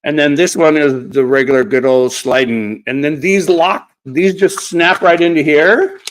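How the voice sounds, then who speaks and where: A chatty man hosting a relaxed live craft chat, voice sitting a bit higher than most men's. He repeats himself often and laughs easily as he reads out viewers' comments. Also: unhurried, slight background noise, poor audio. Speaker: craft channel host. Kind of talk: casual live-stream chat.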